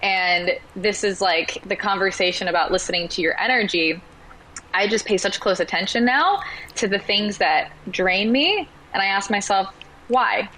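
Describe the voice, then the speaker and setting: A woman's voice: medium pitch, moderate pace, bright, forceful tone, slight background noise, low-quality recording. A woman guesting on a podcast, chatting casually and telling stories with lots of "like" and acted-out quotes. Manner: chatty storyteller, acts out quoted voices, says "like" often. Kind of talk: casual interview chat.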